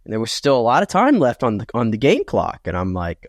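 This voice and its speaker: A man's voice: medium pitch, brisk, no echo, studio quality. Joking man on a sports podcast. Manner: joking, animated storytelling, repeats words. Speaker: podcast co-host. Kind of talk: casual sports podcast chat.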